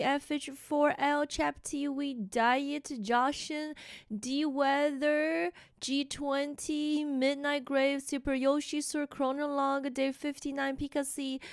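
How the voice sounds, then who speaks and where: A woman's voice: sits high, dry recording, studio quality. A young woman streaming live, chatting casually and greeting viewers one by one by name.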